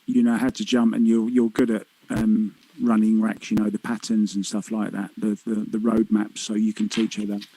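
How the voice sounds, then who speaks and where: A man's voice: on the low side, monotone, moderate pace, few pauses, warm tone, rough recording. A man commentating on a pool match, chatty and teasing, laughing easily with his co-host. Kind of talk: live sports commentary.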